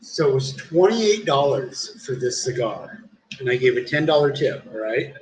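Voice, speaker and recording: A man's voice: medium pitch, big pitch swings, normal speed, darkish tone. A tipsy man telling a rambling, profane story on a casual livestream, saying "dude" a lot. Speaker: live streamer. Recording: roomy echo, faint background hum.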